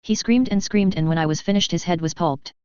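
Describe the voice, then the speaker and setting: A woman narrating a fan fiction story in an even, unhurried reading voice. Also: fairly low pitch, clear, resonant tone, no room sound. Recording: dull dry lo-fi audio.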